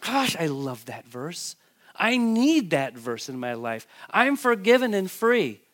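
Animated male pastor preaching. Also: high-pitched, slow. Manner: animated preaching, calls out to the congregation. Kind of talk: sermon.

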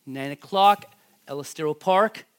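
A middle-aged man preaching a sermon, animated and calling out questions to the congregation. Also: on the high side, a little slow. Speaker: pastor.

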